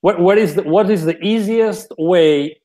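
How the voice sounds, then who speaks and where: A man's voice: sits high, measured pace, dark tone. A man hosting an interview, introducing audience questions with some hesitation and restarts. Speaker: interview host. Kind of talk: interview moderation.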